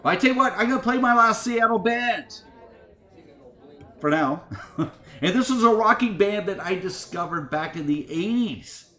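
A man's voice: high-pitched, moderate pace, pauses often, echoey room. A middle-aged man hosting a music show, telling an indignant, profane story with laughs. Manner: animated, swearing, laughing, indignant. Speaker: radio show host.

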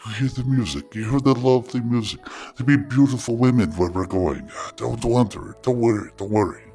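A man voicing a shady Romanian bar tout in a mock foreign accent, coaxing and slow. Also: mid-range voice, mellow, soft background music, lightly acted.

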